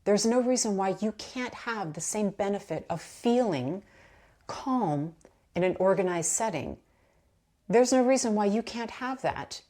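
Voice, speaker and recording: A middle-aged woman, a manifestation coach, giving casual motivational talk to camera in a chatty, animated way, laughing as she tells stories. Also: medium pitch.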